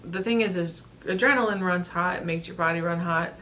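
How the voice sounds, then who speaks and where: Woman vlogger, thirties, slightly low voice, rambling and earnest, light background noise. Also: brisk. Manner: earnest, rambling, with frequent restarts and soft laughs. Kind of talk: casual storytelling to camera.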